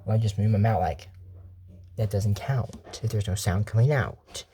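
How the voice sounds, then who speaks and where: A woman's voice: rumbling low, normal speed, warm tone, slight background noise. A woman hosting casual commentary on a cartoon episode, talking in a rambling, digressive way and often correcting herself mid-sentence. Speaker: channel host reviewing a cartoon.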